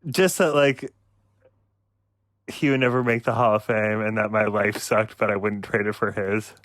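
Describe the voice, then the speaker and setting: A man's voice: on the low side, fairly even intonation, normal speed, fairly bright tone, dry recording. A man co-hosting a podcast, hedging with lots of "like" and "um" and a dry sense of humor. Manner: hesitant, full of likes and ums, dry humor. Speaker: podcast co-host. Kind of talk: casual banter.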